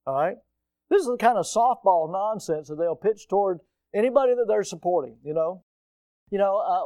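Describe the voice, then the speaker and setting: A middle-aged man preaching with a high, light voice, recorded close and dry with no room sound. He swings between loud, climbing asides and low, earnest emphasis, speaking straight to his listeners as folks. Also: expressive, unhurried, dry recording. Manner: addresses listeners directly as folks. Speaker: pastor. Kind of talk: sermon.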